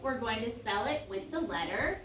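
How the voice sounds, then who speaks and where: A female teacher leads a young class through phonics, prompting in a sing-song way and praising often. Her voice is a little high and expressive at normal speed, captured by a far-off mic in a noisy, echoey classroom.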